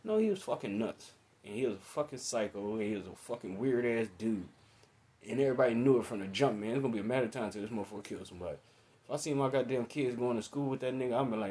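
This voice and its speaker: A man speaks in in a loose, unscripted rant. His voice sits at an ordinary middle pitch, and his delivery is blunt, heated and full of profanity. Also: fast. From United States. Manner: profane, animated, blunt and opinionated. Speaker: commentator. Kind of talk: casual monologue rant.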